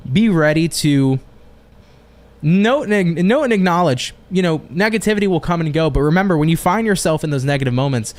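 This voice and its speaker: A man's voice: fairly high pitch, animated, fairly quick. A man giving a chatty, upbeat tarot reading on a live stream, with casual slang and swearing. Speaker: tarot reader.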